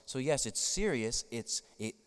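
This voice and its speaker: Male priest, sermon, emphatic, smooth resonant voice, long church reverb. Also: medium pitch, animated, unhurried. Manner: emphatic, tags points with "right?". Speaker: Catholic priest.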